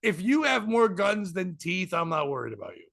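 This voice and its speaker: A man's voice: high voice, sing-song, moderate pace, creaky, fairly bright tone, no echo, clean studio sound. A man, a stand-up comic hosting a podcast, rambling through a story with profanity and acted-out quotes. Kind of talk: casual storytelling chat.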